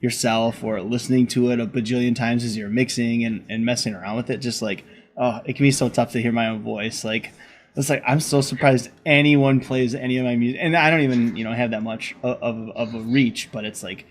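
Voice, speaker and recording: A man's voice: mid-range voice, fairly even intonation, fairly quick. A man hosting a casual interview, talking in an enthusiastic, chatty way with frequent laughter. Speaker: podcast host. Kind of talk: casual conversation.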